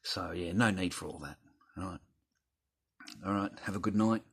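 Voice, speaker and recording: A man's voice: low voice, normal speed, creaky, breathy edge. A middle-aged Australian man, host of his own channel, telling a rambling story to viewers and swearing heavily. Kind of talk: casual rant to viewers.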